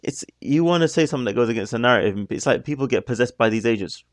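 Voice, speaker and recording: A man's voice: medium pitch, lively intonation, very fast, no room sound. A man giving casual reaction commentary on a music video, musing in a stop-start way with apologetic asides.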